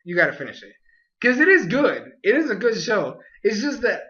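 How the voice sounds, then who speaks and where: A young man reviewing an anime in a rambling, excitable way, full of fillers and restarts. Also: high-pitched, a little fast, dull audio. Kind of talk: casual video review.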